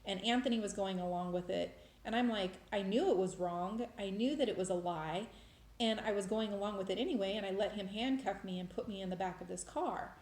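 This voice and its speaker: A woman's voice: medium pitch, fairly quick, darkish tone. A woman telling a personal faith story in a casual, emotional, rambling way, with many restarts. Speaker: vlogger sharing faith experiences. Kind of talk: casual testimony monologue. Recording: roomy echo.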